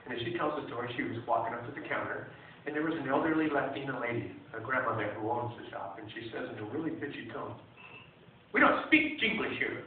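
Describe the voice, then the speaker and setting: A man telling a humorous personal story in a wry, animated way to a room, recorded on a phone from far off. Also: medium pitch, fast talker, slight background noise. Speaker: speaker. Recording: distant echoey tinny phone recording.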